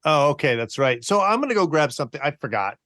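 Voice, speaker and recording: A man's voice: on the high side, very animated, fast, bright, forceful tone, no echo, studio quality. A man co-hosting a podcast, easygoing and agreeable in casual chat. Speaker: co-host.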